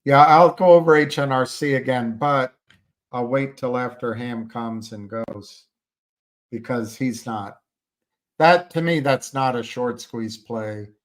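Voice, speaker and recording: A man's voice: mid-range voice, slow pace. A man hosting a stock-market livestream, reading viewer comments, rambling and hesitant but emphatic and indignant. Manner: rambling, hesitant, with many fillers and restarts; emphatic and indignant about short sellers.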